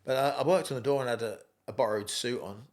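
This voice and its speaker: A middle-aged man from England with an English accent gone a little Australian, telling rough, funny stories in a relaxed interview. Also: mid-range voice, quick pace. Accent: English, softened toward Australian. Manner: chatty yarn-spinner, swears freely, laughs through stories. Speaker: guest, gym founder. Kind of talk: casual storytelling interview.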